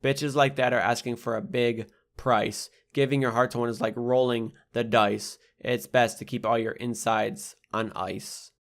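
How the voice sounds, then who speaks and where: A young man with a voice of ordinary middle pitch reads his own poems as an audiobook. His delivery rides a steady hip-hop rhythm, landing hard on rhymes and swearing bluntly and without apology. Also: measured pace, creaky, few pauses. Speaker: poet reading his own book. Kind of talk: spoken-word poetry reading.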